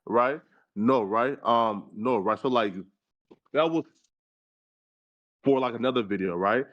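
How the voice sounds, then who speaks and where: A man in casual podcast chat, talking at a middling pitch. He rambles, circling back on himself with filler words and plenty of slang and profanity. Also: takes it slowly, dull audio. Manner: rambling, full of fillers like "right" and "you feel me". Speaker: guest on a podcast panel.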